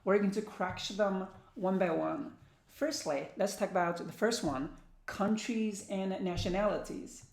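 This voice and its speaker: A woman teaching English vocabulary, reading country names and numbers aloud one by one and slowly. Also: mid-range voice, gravelly, a little mellow, reverberant. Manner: slow, careful word-by-word reading. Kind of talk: vocabulary lesson, reading word lists aloud.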